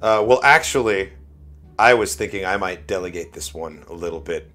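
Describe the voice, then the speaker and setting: A low-voiced man chats as a player in a tabletop role-playing game. He talks animatedly, tumbling over restarts and laughing often. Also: moderate pace, pushed and bright, faint music behind. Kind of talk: casual tabletop role-play.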